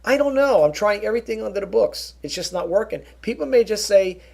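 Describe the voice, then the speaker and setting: A man's voice: high-pitched, animated, fairly quick, creaky, darkish tone. A middle-aged man talking to viewers in a casual vlog monologue, rambling and earnest, often restarting his sentences and turning aside to address the audience. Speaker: YouTube vlogger and eBay reseller.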